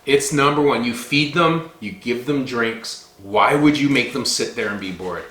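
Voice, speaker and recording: Male podcast co-host, casual and filler-heavy, mid-pitched, recorded in an echoey room. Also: normal speed, pushed and bright, a little hiss or hum. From Canada. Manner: chatty, filler-heavy, says "dude" and "like".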